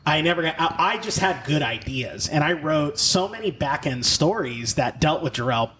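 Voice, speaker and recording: Animated storytelling man, faint noise. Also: on the high side, normal speed. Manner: animated storyteller, laughs often. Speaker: podcast host. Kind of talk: casual interview chat.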